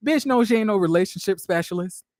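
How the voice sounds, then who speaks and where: Young male streamer, high voice, dry close mic, rambling gossipy reality-TV commentary full of fillers. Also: lively intonation, fast talker, a little mellow, no room sound. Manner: chatty, profane, laughing often, many fillers and restarts. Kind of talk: casual reaction commentary.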